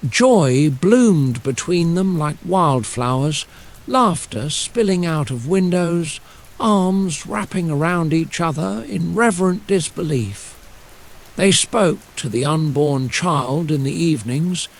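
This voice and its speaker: Slow, soothing man telling a bedtime story. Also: fairly high pitch, rough recording. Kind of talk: scripted bedtime story narration. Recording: steady rain sounds behind. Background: rain.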